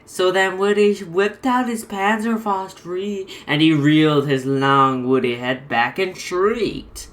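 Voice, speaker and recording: A woman's voice: fairly low pitch, slow pace, hardly any pauses. A woman reading a rhymed comic story aloud in a crude, profane, ranting manner.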